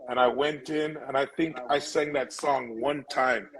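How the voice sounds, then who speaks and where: Middle-aged male musician guest, earnest rambling storyteller, mid pitch. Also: steady tone, measured pace, crowd noise, poor audio. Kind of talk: casual storytelling interview.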